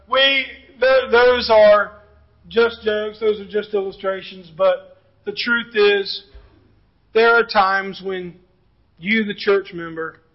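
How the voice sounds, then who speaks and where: In a muffled, lo-fi recording that sounds like a church audio feed, a male pastor with a strikingly high voice preaches a sermon. He tells stories and jokes to illustrate his points, then shifts into earnest appeals.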